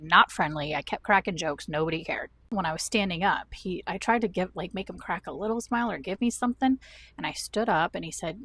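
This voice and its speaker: Chatty Southern-raised woman vlogging. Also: fairly low pitch. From American South. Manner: rambling, self-deprecating, animated storytelling. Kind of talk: chatty talk-to-camera vlog. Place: at home.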